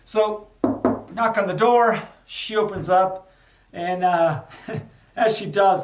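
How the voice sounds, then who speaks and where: A man's voice: high voice, takes it slowly, long pauses. Man telling a story in an echoey room. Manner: candid, conversational storytelling with fillers. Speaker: podcast host, former undercover officer. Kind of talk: personal story with a lesson. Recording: echoey room, a bit far from mic.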